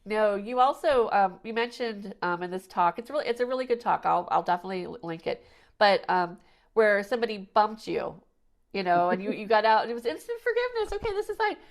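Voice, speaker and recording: Gravelly-voiced woman podcast host. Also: mid-range voice, animated, brisk. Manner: chatty storyteller, lots of restarts and "you know". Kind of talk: casual conversational chat.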